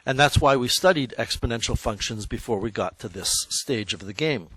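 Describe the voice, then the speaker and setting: A man's voice: mid-range voice, expressive, moderate pace, fairly bright tone. A man teaching a math lesson to his class in a classroom, talking in a loose, conversational way that corrects itself as it goes and keeps checking in with the students. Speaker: high school math teacher. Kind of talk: classroom lecture.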